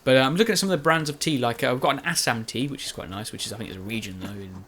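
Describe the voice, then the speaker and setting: A man's voice: medium pitch, racing, a bit bright, husky. A man giving chatty, rambling commentary over his own recorded gameplay, joking at his own expense. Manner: chatty, rambling, self-mocking. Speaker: Let's Play commentator.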